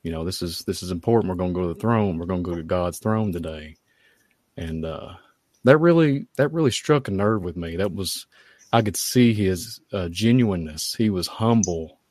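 A man, giving a halting, heartfelt personal testimony at a prayer meeting. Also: low-pitched, animated, a little mellow, no echo, clean studio sound. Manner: halting, heartfelt, many fillers. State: tearful at times.

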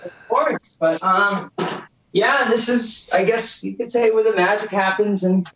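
A woman's voice: medium pitch, unhurried, a bit bright. Bawdy boston woman on a video call, sounds roomy and far from the mic. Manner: brash, bawdy, chatty. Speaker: guest. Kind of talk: casual chat over video call.

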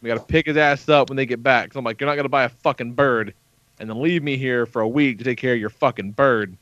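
A man's voice: medium pitch, quick pace, a bit bright, no echo. A man in his thirties hosting a podcast, telling a story in casual, profane chat full of quoted dialogue. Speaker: podcast host. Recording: dull lo-fi podcast audio.

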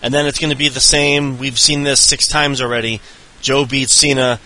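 Bright, fed-up man griping. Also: medium pitch, little pitch movement, normal speed, rough recording. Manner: profane, exasperated griping. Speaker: podcast co-host. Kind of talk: casual wrestling talk.

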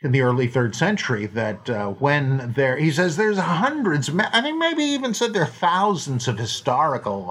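An older man in a casual scholarly podcast Q&A, speaking with a wry, self-deprecating edge. He rambles and restarts often, his voice sitting in a mid-range pitch. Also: breathy edge. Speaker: podcast host answering listener questions.

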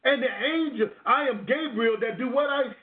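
High pitched guy quizzing his cohost on scripture, tinny narrow sound. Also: moderate pace. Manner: prompting, questioning, emphatic. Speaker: Bible show host. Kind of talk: Bible study discussion. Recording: echoey phone-like audio.

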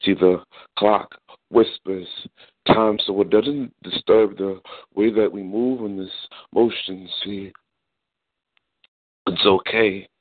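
A man performing slow, sensual spoken word poetry in a hushed, unhurried voice. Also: steady tone, no room sound. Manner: low, hushed, unhurried delivery. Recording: dry phone-line audio.

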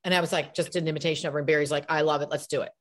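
A woman's voice: low voice, rapid-fire. A middle-aged woman, an actress and comedian, chatting as an interview guest and acting out quotes in voices. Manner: animated storyteller, acts out quotes in voices.

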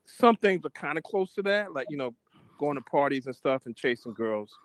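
A man's voice: on the high side, animated, normal speed, no echo. A man co-hosting a casual panel chat, blunt and opinionated, speaking with animation. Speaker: podcast co-host.

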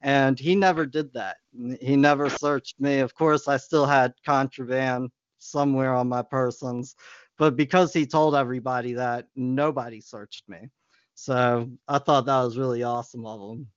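A man's voice: mid-range voice, fairly even intonation, moderate pace, smooth, dry recording, lo-fi sound. Laughing, storytelling man with a dry sound. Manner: laughs often while telling stories, acts out quotes. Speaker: podcast co-host. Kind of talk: casual storytelling.

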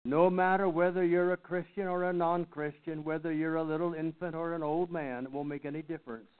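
An older man teaching a Bible study lesson, speaking haltingly and often clearing his throat. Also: a little high, steady tone. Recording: tinny phone-like sound.

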